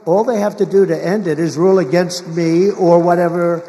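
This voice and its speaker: Give me a man in his seventies at a campaign rally, with a fairly high, gravelly voice that rings out through the long reverb of a large venue. He rambles emphatically from one point to the next and keeps repeating his phrases for effect. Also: fairly even intonation, moderate pace, dark tone. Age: 70s. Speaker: political candidate.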